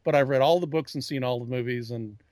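A man's voice: mid-range voice, quick pace, a little mellow, no echo, studio quality. A man co-hosting a casual pop-culture chat, rambling and often restarting his sentences as he calls himself a geek. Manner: self-described geek. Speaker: podcast co-host.

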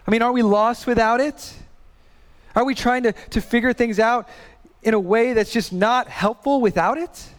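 A man's voice: very high-pitched, moderate pace. A man preaching a sermon as pastor, emphatic, repeating key phrases and asking rhetorical questions, in a church sanctuary. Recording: long hall reverb.

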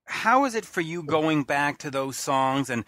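A man's voice: on the high side, animated, unhurried, fairly bright tone, no room sound. A man interviewing a musician, asking long, winding questions with repeated words. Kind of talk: radio-style interview questions.

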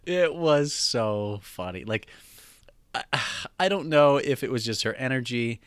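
A man casually telling a funny story, animated, acting out voices and laughing often. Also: mid-range voice, unhurried, clean tone, dry recording.

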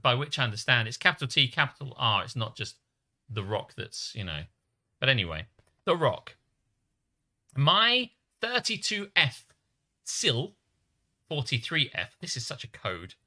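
A man with a very bright, sharp voice, chatting and joking on a comedy podcast. His pitch swings a lot as he giggles through his lines and reads posts out loud. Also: a little fast. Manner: giggly, lively, breaks into silly voices. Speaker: podcast co-host. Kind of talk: casual comedic chat and reading posts aloud.

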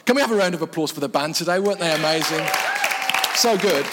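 A man from the English Midlands preaches to a church crowd in a chatty, self-mocking way, laughing often. His voice sits high for a man. Long reverb from the church hall trails every phrase. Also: lively intonation, fast talker, very noisy. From Black Country, English Midlands. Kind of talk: sermon.

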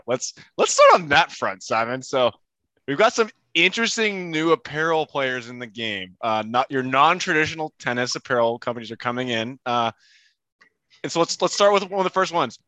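A man's voice: mid-range voice, lively intonation, normal speed, bright, forceful tone, dry recording. A young man co-hosting a tennis podcast, chatting loosely and often breaking into laughter. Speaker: podcast co-host. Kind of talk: casual tennis podcast chat.

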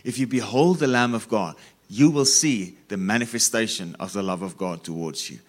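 A man's voice: on the low side, moderate pace. A man preaching a sermon, repeating phrases and stressing key words as he reads scripture.

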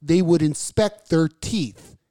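Profane rambling man, mellow voice. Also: a little high, slow, no echo. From United States. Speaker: podcast co-host. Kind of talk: crude casual chat.

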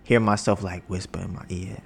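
A young man hosting a casual home podcast, rambling and joking, bragging about his smooth steady voice. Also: deep voice, a little fast. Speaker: podcast host. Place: home, storm outside. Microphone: podcast mic with headphones.

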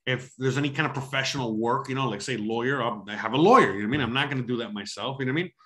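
A man who provides expat services tells a story in casual chat, talking rapid-fire. He rambles, swears a lot and keeps saying "you know what I mean", acting out heated quotes with sudden loud, high bursts.

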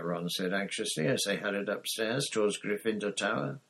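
A man reading a storybook aloud in a plain, unhurried way, with occasional slips. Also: lowish voice, gravelly, fairly bright tone, breathy edge. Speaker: reader. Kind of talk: storybook narration.

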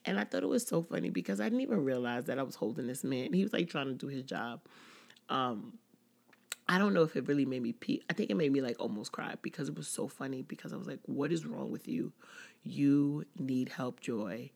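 A woman's voice: a bass voice, animated, fast talker, vocal fry. A woman hosting a casual personal podcast, talking candidly and rambling with many "like"s. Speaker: podcast host.

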